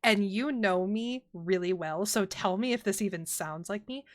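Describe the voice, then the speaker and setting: A woman from the Southern US co-hosts a casual podcast chat at a middle pitch. She tells long, rambling stories and fills them with "like". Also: moderate pace. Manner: chatty storyteller, heavy use of "like". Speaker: podcast co-host.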